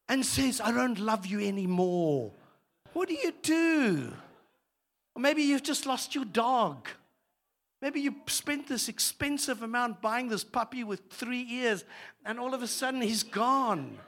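A man preaching as a guest speaker, lively and humorous, moving between loud exhortation and quiet asides. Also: high-pitched. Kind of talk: sermon.

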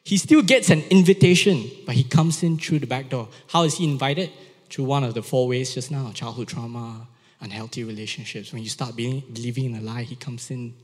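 A man's voice: mid-range voice, brisk. A male pastor preaching a sermon, emphatic, repeating key phrases and asking his listeners questions. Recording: long reverb of a large hall.

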